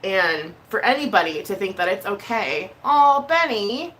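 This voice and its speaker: A woman vlogger chatting casually on a live stream, blunt and heated, swearing often and pausing on fillers. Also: medium pitch, pushed and bright. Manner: emotional, hesitant with many fillers.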